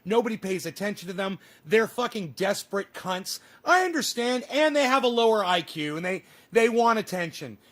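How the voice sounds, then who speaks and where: A man's voice: high voice, sing-song, moderate pace, few pauses, fairly bright tone. A man ranting profanely and combatively at his livestream chat. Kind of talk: casual livestream rant.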